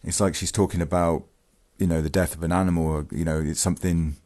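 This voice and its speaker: A man's voice: sits low, flat delivery, fast, darkish tone. A man hosting his own vlog, talking through a true-crime case in a casual, hesitant way with many ums and restarts, sometimes reading from a news article. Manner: reads news excerpts aloud. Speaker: vlogger, channel host.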